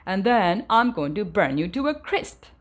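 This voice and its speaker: A woman's voice: medium pitch, sing-song, normal speed. A woman voicing a huge, blustering male dragon in a children's storybook read-aloud, bellowing threats. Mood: threatening. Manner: bellowing threats, then giggling pleas.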